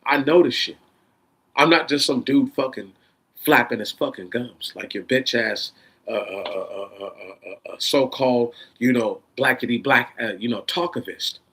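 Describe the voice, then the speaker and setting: A man in an unscripted, profane rant, swinging between loud bursts and a held-down, controlled tone. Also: mid-range voice, normal speed, breathy edge. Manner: says he is holding his voice down in a controlled tone. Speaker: vlogger.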